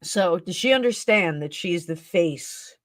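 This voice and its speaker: Woman tarot reader on a live stream, effusive and emotional, lowish voice, dry close sound. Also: lively intonation, measured pace, dry recording.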